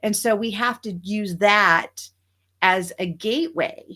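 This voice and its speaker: A woman's voice: mid-range voice, measured pace, sharp tone. Middle-aged woman co-hosting a chat, earnest and thoughtful, acts out bits of her stories. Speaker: co-host. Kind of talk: casual chat.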